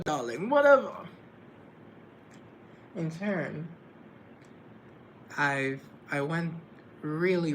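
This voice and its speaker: A man's voice: medium pitch, bright, forceful tone, slight background noise. A man chatting casually on a live stream, self-deprecating and playfully sarcastic.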